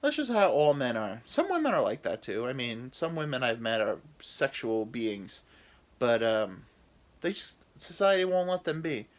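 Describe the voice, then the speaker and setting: Lively, self-deprecating man rambling. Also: medium pitch, moderate pace. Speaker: podcast host. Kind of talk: rambling comedic storytelling.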